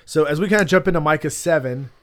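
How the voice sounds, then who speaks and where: A man's voice: fairly high pitch, fast talker. Rambling storytelling man on a podcast. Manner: rambling storyteller, acts out quotes with many "like"s. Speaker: podcast co-host. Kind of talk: casual chat and Bible teaching.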